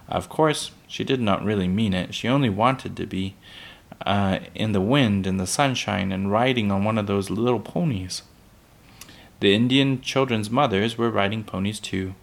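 A man reading a children's book aloud, unhurried, with small slips that he corrects. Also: fairly low pitch, creaky.

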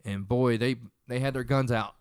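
A man's voice: medium pitch, fairly even intonation, moderate pace, clean tone, no room sound, clean studio sound. A young man casually retelling a tense story in a profane, rambling way.

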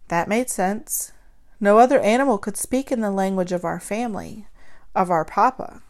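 A woman narrating a story in the first person, expressive and acting out the dialogue. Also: medium pitch, normal speed.

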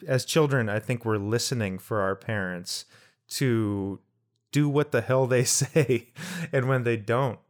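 A middle-aged man co-hosting a relaxed podcast, talking in a thoughtful, wandering way. He breaks his reflections with wry jokes and often restarts his sentences. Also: mid-range voice, unhurried. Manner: reflective, jokey asides, trailing restarts. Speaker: podcast co-host. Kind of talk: casual conversational podcast.

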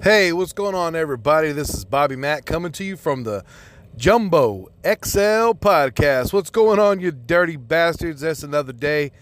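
A man's voice: a little high, lively intonation, moderate pace. A man hosting a podcast, talking casually and answering a listener's email in a profane, rambling way full of fillers. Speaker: podcast host.

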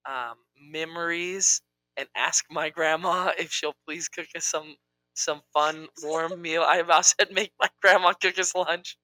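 A man's voice: a little high, fairly even intonation, a little slow, sharp tone, no room sound, poor audio. A man co-hosting a podcast in casual chat, with a playful, teasing way of talking. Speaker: podcast co-host.

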